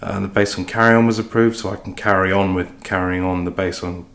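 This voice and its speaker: A deep-voiced man speaks briskly with a slightly bright tone and fairly even intonation while cooking. In this casual, rambling vlog from his echoey kitchen, faint clatter audible, the musician swears a lot, jokes at his own expense, and talks through his day.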